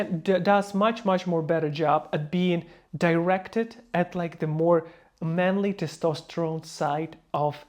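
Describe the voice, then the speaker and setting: A man speaking non-native English in a casual review vlog, emphatic and playfully mocking, slipping into quick mock voices. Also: high voice, darkish tone. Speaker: fragrance reviewer.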